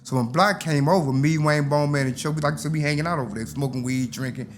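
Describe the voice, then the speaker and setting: A man's voice: fairly high pitch, quick pace. An older man, telling stories from his youth in a casual interview and acting out the voices. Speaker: interview guest.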